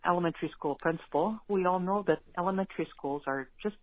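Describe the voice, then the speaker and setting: A woman's voice: lowish voice, quick pace. A woman from Canada, a school principal who calls in to leave a friendly, chatty question with light jokes. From Northern Ontario, Canada. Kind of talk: recorded voicemail question. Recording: tinny phone line.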